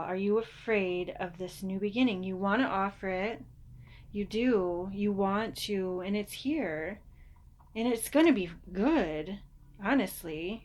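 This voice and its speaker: A woman reads tarot cards in an easy, conversational way. She takes her time, with a pitch in the middle of the range. Her tone is chatty and reassuring. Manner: chatty, reassuring, slips into mock voices. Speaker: tarot reader. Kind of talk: casual tarot reading.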